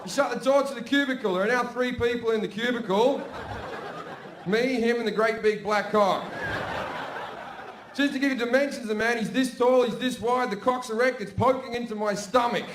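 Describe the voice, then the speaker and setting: A man's voice: very high-pitched, fairly quick. A middle-aged man with an Australian accent doing a crude, swearing stand-up set. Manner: crude, swearing storyteller with a brash delivery. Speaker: stand-up comedian. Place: comedy stage before a live audience. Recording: echoey live venue with audience noise.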